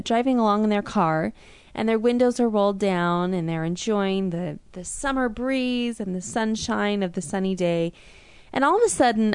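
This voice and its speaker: A woman's voice: mid-range voice, clear, resonant tone, dry recording. A woman hosting a short devotional, telling a story and drawing a spiritual lesson from it in an earnest, conversational way with frequent restarts. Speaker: devotional podcast host.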